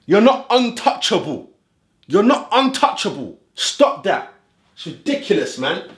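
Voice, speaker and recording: Ranting man, lively high voice. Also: measured pace. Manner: animated, ranting, street slang. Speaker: football fan vlogger reacting to a clip. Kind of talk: heated reaction commentary. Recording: roomy echo.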